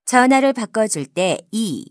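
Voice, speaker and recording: Fast, lively female section announcer. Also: fairly high pitch. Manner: brisk, bright title announcements. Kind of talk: scripted announcing of section titles. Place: recording studio. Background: loud music.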